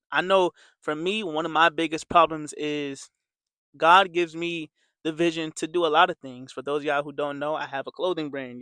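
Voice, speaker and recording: In a clean studio recording with no room sound, a man with a highish, fairly bright voice gives a casual motivational faith talk as a coach. He's earnest and conversational, repeating his points and using plenty of fillers.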